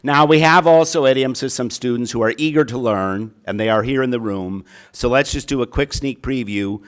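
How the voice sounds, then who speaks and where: A man's voice: medium pitch, moderate pace. A middle-aged man with a Minnesota accent, a college counselor giving a chatty, earnest speech to an audience in an auditorium. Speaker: college counselor, keynote speaker.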